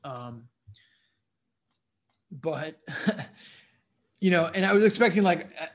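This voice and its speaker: A male comedian chatting as a guest, his voice sitting a little higher than most men's. He rambles through his stories with lots of fillers and keeps checking in with the listener. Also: expressive, slow. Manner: rambling storyteller, keeps saying "you know what I mean". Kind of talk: casual interview chat.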